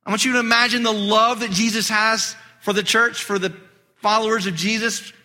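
A male pastor giving an animated, conversational sermon, his voice getting hoarse. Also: sits high, a little fast. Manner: animated, conversational preaching with acted-out quotes. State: losing his voice. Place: church sanctuary. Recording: long hall reverb.

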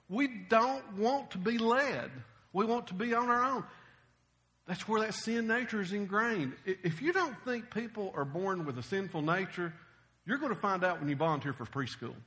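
A man delivers a sermon in a folksy, storytelling way, mixing humor in as he goes. His voice sits high for a man. It has a bright, forward edge. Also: animated, normal speed. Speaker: preacher.

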